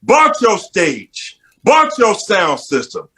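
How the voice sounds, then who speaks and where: A man's voice: high-pitched, wildly swooping pitch, takes it slowly, sharp tone. A male guest on a live online talk show, heated and indignant, firing off a list of complaints.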